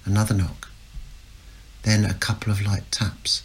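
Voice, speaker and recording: A man's voice: lowish voice, fairly even intonation, moderate pace, fairly bright tone, breathy edge, low-quality recording. A man giving a dramatic reading of a novel excerpt, understated but punchy in his delivery. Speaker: reader of a submitted manuscript.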